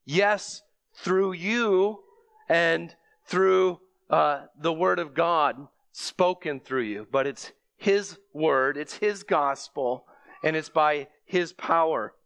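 A man's voice: fairly high pitch, takes it slowly, fairly bright tone, smooth, dry recording. A man preaching a sermon in an earnest way, with sudden emphatic bursts on repeated phrases.

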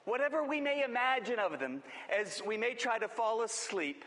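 A man preaching a sermon, telling the story dramatically and acting out the quoted lines, swinging between booming and hushed. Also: lively intonation, normal speed. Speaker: pastor. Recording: long hall reverb.

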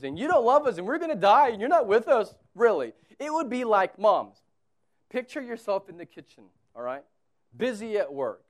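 High-voiced, lively preaching man. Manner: conversational preaching, swings from quiet to loud emphatic repetition. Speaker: pastor. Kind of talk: sermon.

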